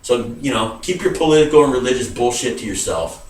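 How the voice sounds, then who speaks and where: A man's voice: medium pitch, animated, a little fast, distant mic. A grieving, agitated man ranting to camera, swearing heavily and calling his viewers dude. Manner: heavy swearing, emphatic, calls viewers dude. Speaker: vlogger. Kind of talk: emotional rant to camera. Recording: roomy sound from away from the mic.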